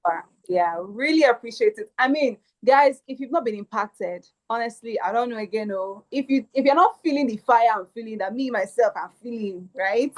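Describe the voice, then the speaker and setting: A woman's voice: fairly high pitch, moderate pace, hardly any pauses, rough recording. Upbeat woman webinar host. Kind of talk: hosting a webinar.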